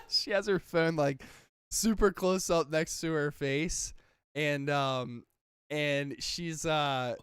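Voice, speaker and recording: A man's voice: on the high side, slow pace, a bit bright, clear, resonant tone, no echo, studio quality. A young man hosting a casual podcast chat, enthusiastic, swearing freely and laughing often. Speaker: podcast host.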